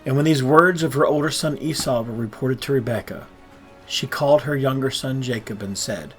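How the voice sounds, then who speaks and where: A man reading a children's Bible story aloud in an expressive, deliberate way. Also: medium pitch, slightly rough, faint music behind.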